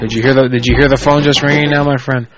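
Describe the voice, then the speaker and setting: A man's voice: mid-range voice, fairly even intonation, fast, lo-fi sound, over music. A male radio host chatting offhandedly with crude jokes. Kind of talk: casual radio banter.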